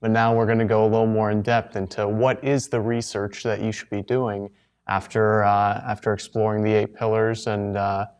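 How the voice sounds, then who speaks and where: A man's voice: on the low side, little pitch movement, normal speed, clean tone. A man co-hosting a livestream, announcing an upcoming video plainly and a bit hesitantly.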